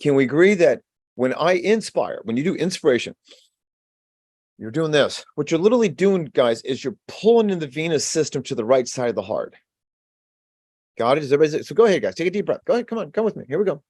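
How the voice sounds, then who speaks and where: An energetic man teaching in a webinar, pitched a little high, with a swooping, animated delivery. He repeats key phrases and calls on his listeners to answer back. The sound is dry and close. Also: fast talker, no echo. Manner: energetic, call-and-response teaching. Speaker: PA exam prep instructor. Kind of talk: lively webinar lecture.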